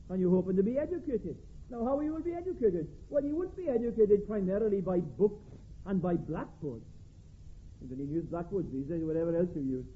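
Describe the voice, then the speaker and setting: A preacher delivers a sermon from the pulpit, leaning hard on single words and pausing between them. His voice sits high and swings widely, with a husky edge. The recording is thin and narrow like a phone line. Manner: emphatic, stressing single words with long pauses. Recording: tinny phone-like band, husky.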